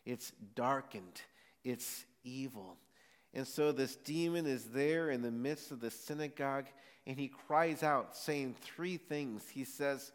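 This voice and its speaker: Male pastor, mid-pitched, earnest sermon delivery with halting restarts, long church reverb. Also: smooth. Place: church sanctuary.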